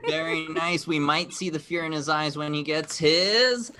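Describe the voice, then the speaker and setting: A man's voice: on the high side, normal speed, background noise. A man hosting a live virtual game show over a video call, upbeat and encouraging as he explains the rules.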